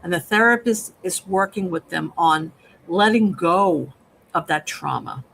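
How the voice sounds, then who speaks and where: A man's voice: high voice, measured pace, vocal fry, a bit bright, a little hiss or hum, poor audio. A man co-hosting a live film review, explaining his ideas patiently like a therapist and checking in with "okay?" as he talks. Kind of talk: live casual review chat.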